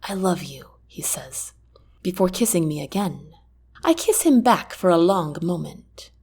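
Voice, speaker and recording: A woman reading a first-person romance audiobook in an expressive storytelling manner. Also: fairly low pitch, unhurried, creaky, slightly rough. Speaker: audiobook narrator.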